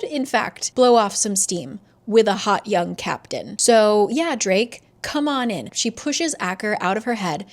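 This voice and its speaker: A woman talks through a book's plot in a loose, chatty way. She is dryly sarcastic and leans on fillers, slipping into quick mock voices whenever she quotes a character. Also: medium pitch. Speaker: book reviewer. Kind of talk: casual book recap.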